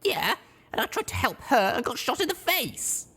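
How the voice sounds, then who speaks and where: A woman brings to life a hardened young mare who talks with blunt, dry sarcasm. Her voice is husky and fairly high, leaping around in pitch. It is read as an audiobook character. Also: big pitch swings, normal speed, bright, forceful tone, exaggerated voice. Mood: wry.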